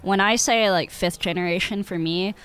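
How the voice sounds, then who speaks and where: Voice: medium pitch, normal speed, a bit bright, clear, resonant tone. Chatty, self-deprecating American speaker. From United States. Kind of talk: casual chat.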